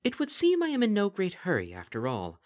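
A stately winged princess speaks in formal, archaic phrases, put on by a man reading aloud. Her voice sits higher than the reader's own and stays measured and regal. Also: wildly swooping pitch. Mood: regal calm. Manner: archaic formal speech, dignified.

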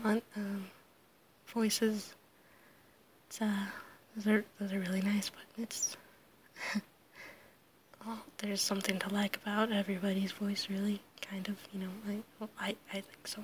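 A woman with a sick, hoarse, half-whispered voice talks haltingly in a casual solo recording, apologizing often and laughing nervously as she answers a questionnaire. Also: mid-range voice, a little hiss or hum. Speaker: audio creator answering a questionnaire.

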